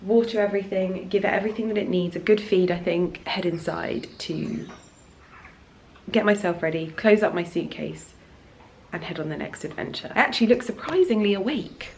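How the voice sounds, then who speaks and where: A woman's voice: medium pitch, normal speed, slight background noise. A woman in her thirties from England, chatting casually and gushingly to camera while vlogging outdoors in her home garden. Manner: chatty, gushing, restarts and trails off. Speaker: lifestyle vlogger. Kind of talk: casual vlog chat.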